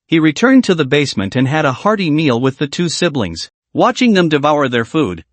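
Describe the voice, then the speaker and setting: A man narrating a story recap in an even, steady storytelling manner. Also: a little high, no echo.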